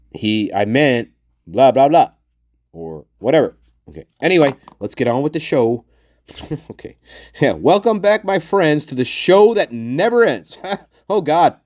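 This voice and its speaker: Bluntly profane and quick to chuckle, this true-crime commentary host talks right to his audience and imitates those he quotes in a casual show. His medium-pitched voice is slightly mellow, recorded at studio quality with no echo.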